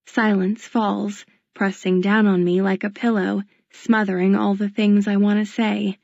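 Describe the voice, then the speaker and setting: A woman narrating a novel in the first person, in a quiet, measured, introspective way. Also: mid-range voice, level tone, creaky, no echo, dull audio. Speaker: audiobook narrator.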